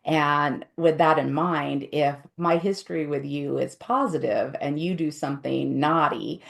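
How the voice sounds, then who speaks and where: Low-voiced, gravelly middle-aged woman guest. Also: fairly even intonation, unhurried. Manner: explains patiently, acts out quoted inner voices. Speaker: guest conflict resolution expert. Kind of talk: casual explanatory interview talk.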